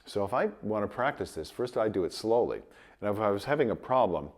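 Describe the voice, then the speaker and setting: A man teaching trumpet in a casual video lesson, his voice a bit rough from a cold, explaining with light chuckles. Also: lowish voice, fairly quick. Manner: relaxed explaining with light chuckles, sings sample tones.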